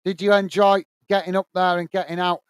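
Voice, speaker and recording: A man's voice: high voice, level tone, brisk, clear, resonant tone, dry recording. A British man hosting a live football watch-along stream, reading viewers' chat comments aloud in a friendly way and calling them mate.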